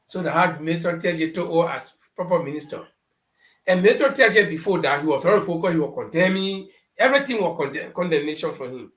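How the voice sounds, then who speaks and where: Middle-aged Liberian male panelist, lively storyteller, echoey room. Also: fairly high pitch, fairly quick. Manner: animated anecdotes, acting out quoted people. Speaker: panelist on a talk show. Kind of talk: storytelling political commentary.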